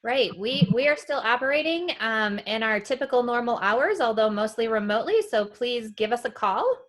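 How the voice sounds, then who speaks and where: A woman's voice: fairly high pitch, lively intonation, normal speed, fairly bright tone. A woman being interviewed as head of a family services agency, earnest and practical, with a few ums. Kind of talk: interview guest.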